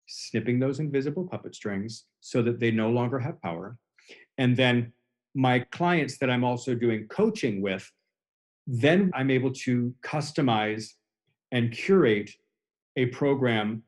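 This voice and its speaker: A man in his forties speaks at an ordinary middle pitch, earnest and explanatory. He talks like a coach walking listeners through his process, building on images as he goes, in a relaxed podcast conversation. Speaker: hypnotherapist and coach.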